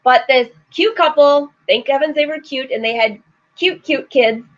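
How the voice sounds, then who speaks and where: A middle-aged woman with a bright, high voice hosts a live sewing show, chatting and laughing with viewers as she reads out their comments. The stream audio is slightly dull and lo-fi. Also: moderate pace. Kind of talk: casual live-stream chat.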